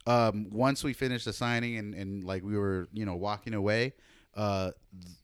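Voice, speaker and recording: A young man chatting casually, telling a story with lots of animated retelling and casual swearing. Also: lowish voice, moderate pace, clean tone, no room sound, studio quality. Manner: animated storytelling, acts out quoted voices, laughs often, swears casually. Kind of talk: casual chat.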